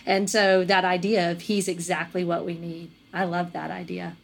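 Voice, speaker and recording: A woman hosting a Christian podcast conversation, earnest, slowing down to read scripture aloud. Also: lowish voice, little pitch movement, creaky, a little hiss or hum. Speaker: podcast host. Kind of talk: faith-based conversation.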